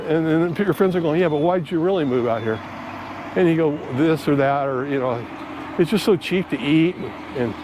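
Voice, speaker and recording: High-voiced man rambling outdoors in a park. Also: a little mellow. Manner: rambling, earnest, many fillers and restarts. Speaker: vlogger. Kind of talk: casual storytelling to camera. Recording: outdoor ambience with faint background noise.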